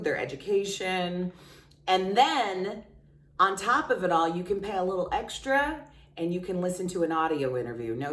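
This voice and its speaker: Woman vlogger, low-ish voice, frank and joking, roomy room, set back from the mic. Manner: candid, chatty, self-mocking. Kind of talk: casual confessional storytelling. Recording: roomy sound, distant from mic.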